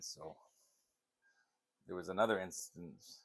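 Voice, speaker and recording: A man's voice: sits low, fairly even intonation, measured pace, pauses often, fairly bright tone. An older man vlogging in a casual, rambling chat, wandering from one story to the next.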